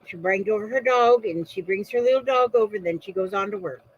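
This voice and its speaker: A woman's voice: medium pitch, brisk, dull audio. A middle-aged woman from Florida chatting casually while crafting, often wandering off topic. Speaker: crafting vlogger. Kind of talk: casual rambling chat.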